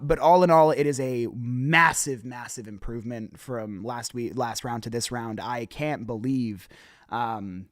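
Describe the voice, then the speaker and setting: A man's voice: mid-range voice, no echo, studio quality. A young man hosting a show, giving casual, encouraging feedback on rap entries, rambling with many restarts and swearing. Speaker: host. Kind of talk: casual feedback on music submissions.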